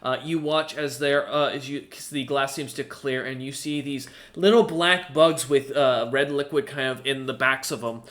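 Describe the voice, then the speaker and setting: A man's voice: mid-range voice, steady tone, normal speed, hardly any pauses, a bit bright. A man narrating as game master of a tabletop game, rambling with many fillers and restarts.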